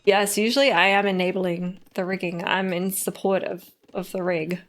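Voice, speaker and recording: A woman's voice: mid-range voice, steady tone, moderate pace. A woman casting a strategy game live on stream, playful and teasing, with frequent giggles.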